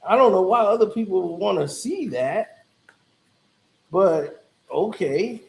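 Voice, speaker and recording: A man's voice: high voice, animated, unhurried, vocal fry, reverberant, poor audio. A man hosting casual commentary in a laid-back, conversational way.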